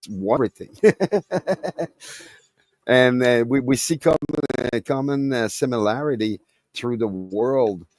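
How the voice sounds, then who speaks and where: A man's voice: medium pitch, lively intonation, a little mellow. A man with a Québécois French accent talks casually, stumbling and repeating words as he gathers his thoughts. His voice sits in the middle range and sounds dry and close, with no room echo. The talk is loose late-night podcast chat. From Quebec, Canada. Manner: halting, repeats words and restarts often.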